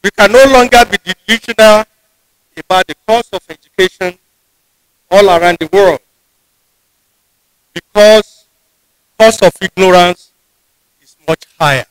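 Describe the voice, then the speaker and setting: A man with a Nigerian English accent giving a formal convocation address in a measured, deliberate way, often restarting his phrases. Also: sits high, a bit bright, clean tone, dry recording, rough recording. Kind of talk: formal ceremonial speech. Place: ceremony venue.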